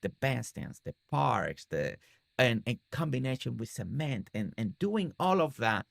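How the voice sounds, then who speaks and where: Gravelly-voiced man streaming a game. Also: medium pitch, unhurried, dry recording, studio quality. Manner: excited, rambling, many restarts. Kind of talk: casual game livestream commentary.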